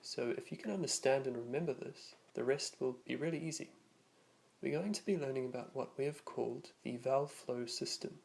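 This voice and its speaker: A man teaching a lesson, narrating from a script and slowly demonstrating vowel sounds. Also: mid-range voice, vocal fry.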